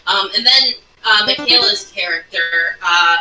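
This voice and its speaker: A woman's voice: medium pitch, measured pace, sharp tone, recorded from a distance. A woman in casual chat, bluntly recalling a tabletop game and swearing. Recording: echoey room, off-mic, faint hiss.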